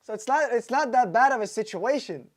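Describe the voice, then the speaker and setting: Expressive and a bit quick, a man with a very high-pitched voice fields car questions on a casual live stream. He names each viewer as he reads their question, joking, swearing and speaking bluntly, with lots of fillers and restarts.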